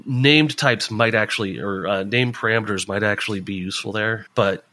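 A man with a stuffy, monotone sinus voice rambles through a casual podcast chat. His low voice sounds bright and pointed, and the recording is dry and close. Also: normal speed, no echo. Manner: rambling, with many restarts. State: head cold. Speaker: podcast co-host.

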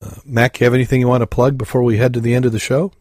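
A man's voice: mid-range voice, little pitch movement, racing, darkish tone, no echo, studio quality. A man hosting a casual podcast, telling jokes and stumbling over his words. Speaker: podcast host.

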